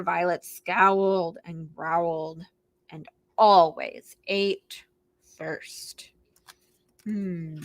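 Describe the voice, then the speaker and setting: A woman librarian reading picture books aloud to preschoolers in an animated, expressive way, gasping and making animal noises. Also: mid-range voice, dry recording. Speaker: children's librarian hosting storytime.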